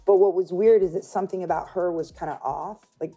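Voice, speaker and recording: Low, mellow-voiced woman telling a story. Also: a little fast, lo-fi sound, soft background music. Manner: animated retelling, acting out others' lines. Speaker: interview guest. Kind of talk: casual storytelling in an interview.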